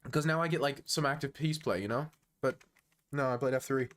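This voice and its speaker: A twenty-one-year-old from the United States speaks in a mid-range, fairly bright voice at a fairly quick clip, American accent and all. While he analyses chess for his stream, he banters jokingly, teases viewers, and chuckles frequently.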